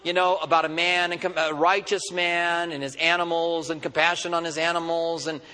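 A man preaching a sermon, telling a funny story with animated delivery. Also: a little high, normal speed, in a large hall. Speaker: pastor. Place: church.

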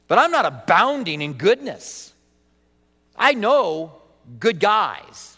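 A male pastor preaching a sermon, swinging between loud emphasis and soft, hushed lines. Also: high-pitched, sing-song, takes it slowly, long pauses, in a large hall.

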